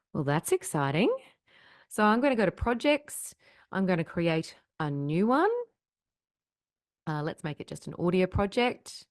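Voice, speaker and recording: A woman trainer narrating a recorded software tutorial step by step at her desk microphone, upbeat and explanatory. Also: low-pitched, no echo, clean studio sound.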